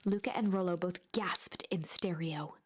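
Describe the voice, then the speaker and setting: A woman narrating a storybook game in a hushed, suspenseful voice that often drops near a whisper. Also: fairly low pitch, measured pace. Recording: game audio with clear music bed. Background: game music.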